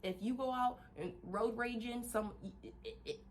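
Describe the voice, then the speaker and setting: A woman vlogger giving a casual motivational rant, animated, laughing often and swearing freely as she rambles with restarts. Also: on the high side, moderate pace, slight background noise.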